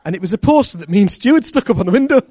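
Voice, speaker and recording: Man, sermon storytelling, high pitch, dry close sound. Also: racing, slightly rough, no echo. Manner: animated, acts out quoted voices, repeats phrases. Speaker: preacher.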